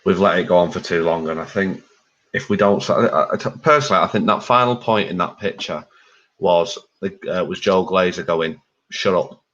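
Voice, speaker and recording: A man's voice: low-pitched, normal speed, fairly bright tone. A man talking as a fan pundit in a casual discussion. He speaks candidly, rambles and swears. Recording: dull lo-fi audio.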